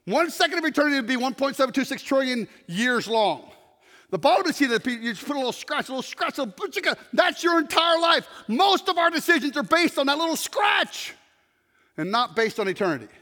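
A man with a very high, bright, forceful voice preaches a story-driven sermon. He swings between loud shouting and hushed, near-whispered passages. His voice rings through a large hall with a long reverb. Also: sing-song, a little fast.

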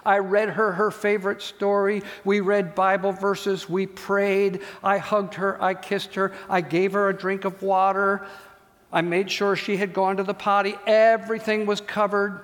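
A man's voice: sits high, measured pace. A man preaching a sermon, telling a story and acting out the voices in it. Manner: animated storyteller, acts out voices. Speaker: pastor. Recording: long hall reverb.

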